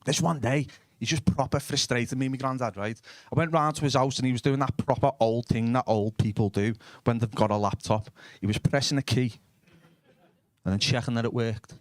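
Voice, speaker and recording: A man's voice: medium pitch, brisk, no room sound. A young man with a Liverpool accent doing live stand-up, blunt and sweary, chatting with the audience. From Liverpool, England. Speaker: stand-up comedian. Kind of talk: live stand-up comedy with crowd work.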